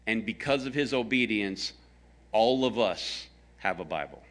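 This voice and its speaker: A man's voice: on the low side, animated, measured pace, a bit bright. A man from the American South preaching a conversational sermon, telling a story with jokes aimed at his congregation. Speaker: pastor.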